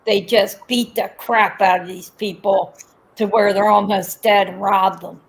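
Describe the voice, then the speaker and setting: A woman's voice: mid-range voice, steady tone, a little slow, rough recording. A woman with a Philadelphia accent chatting casually and animatedly with friends, often talking over them. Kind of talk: casual chat.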